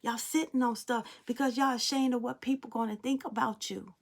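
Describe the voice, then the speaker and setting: A woman's voice: fairly high pitch, steady tone, a little fast, a little hiss or hum. A woman giving a spiritual tarot reading to her viewers, preachy and blunt, talking straight at them and swearing now and then. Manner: preachy, blunt and emphatic, addressing viewers directly; swears casually. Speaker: tarot reader.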